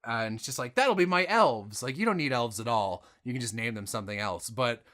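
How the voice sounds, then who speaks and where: A man's voice: medium pitch, fast, fairly bright tone. A man co-hosting a casual writing podcast, loose and swearing freely as he chats. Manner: loose, swears freely, laughs into put-on voices. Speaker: podcast co-host. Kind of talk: casual chat.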